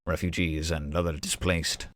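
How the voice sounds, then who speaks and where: A man's voice: very deep voice, level tone, moderate pace, no echo. A man playing a genteel old dwarf noble. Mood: courteous. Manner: genteel, formal, warmly polite. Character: older male dwarf noble, courteous and effusive.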